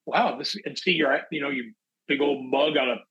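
Animated husky-voiced actor telling stories. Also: male voice, medium pitch, brisk, lo-fi sound. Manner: animated storyteller, acts out quotes in big voices. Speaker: actor, interview guest. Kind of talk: casual anecdotal chat.

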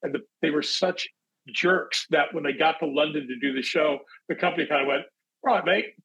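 A man and actor, chatting casually as an interview guest, telling animated stories and bursting into loud acted-out quotes. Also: on the high side, a little fast, gravelly, husky, muffled recording. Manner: animated storyteller, acts out quotes in big voices. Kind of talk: casual anecdotal chat.

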